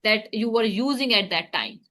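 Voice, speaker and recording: A woman's voice: medium pitch, animated, moderate pace, pushed and bright. A woman leading an English practice conversation, asking questions and encouraging her partner. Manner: encouraging, asks questions, frequent okays.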